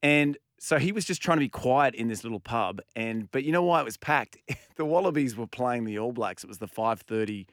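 A man's voice: mid-range voice, no echo. A man hosting a sports radio show, telling anecdotes and bantering with his co-hosts in a studio. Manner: animated storyteller, quick to banter. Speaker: radio host. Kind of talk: casual sports radio chat.

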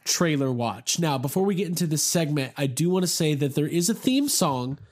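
A young man hosting a podcast in casual chat, excitable and rambling, poking fun at himself. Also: fairly high pitch, brisk. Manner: excitable, rambling, self-mocking. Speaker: podcast host.

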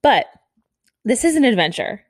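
A woman in her thirties hosting a casual solo podcast, talking fast and bubbly, rambling with lots of "like" and little laughs. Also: on the high side, very animated, no echo, studio quality. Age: 30s. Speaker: podcast host.

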